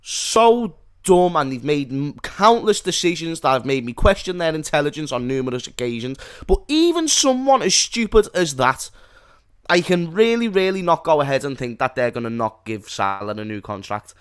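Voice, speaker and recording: A man's voice: fairly high pitch, lively intonation, moderate pace, smooth. A man co-hosting a casual football chat, jokey and opinionated. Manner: jokey, opinionated, bursts into laughter. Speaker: podcast co-host.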